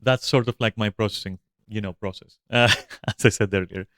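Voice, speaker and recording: A man streaming a game, telling a story casually, animated and profane, with lots of fillers and restarts. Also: lowish voice, fairly quick, no echo, clean studio sound. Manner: animated, profane, frequent fillers and self-interruptions; chats to viewers and a pet between stories.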